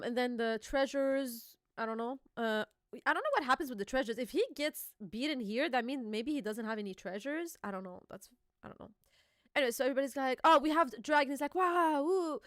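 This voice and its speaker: Excitable high-voiced woman hosting. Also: dry recording, clean studio sound. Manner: excitable, swears freely, laughs often. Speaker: host. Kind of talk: casual reaction chat.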